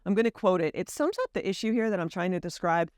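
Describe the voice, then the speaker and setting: A woman's voice: fairly low pitch, fast talker, darkish tone, dry recording, studio quality. An American woman vlogger living abroad, talking earnestly and emphatically straight to the viewer. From United States. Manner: heartfelt, emphatic, speaks directly to the viewer. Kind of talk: earnest talk to camera.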